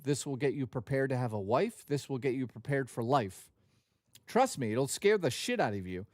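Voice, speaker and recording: A man's voice: medium pitch, no room sound, clean studio sound. A man hosting a livestream, talking in a casual, jokey and profane way. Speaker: livestream host.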